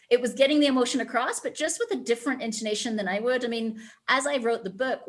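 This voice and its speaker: A woman with a Scottish accent, an author reading from her novel and then chatting enthusiastically in an interview. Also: mid-range voice. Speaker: author guest.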